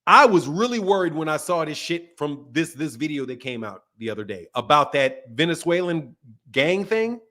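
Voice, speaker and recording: Animated, high-voiced ranting man. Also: moderate pace. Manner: animated, emphatic, swears a lot. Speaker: boxing channel host. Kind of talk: casual profane podcast rant.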